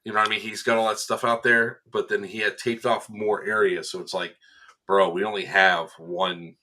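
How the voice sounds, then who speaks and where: A man chatting casually on a podcast, telling an animated story, acting out quotes and laughing often. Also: lowish voice, normal speed. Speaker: event staff member recounting a game day.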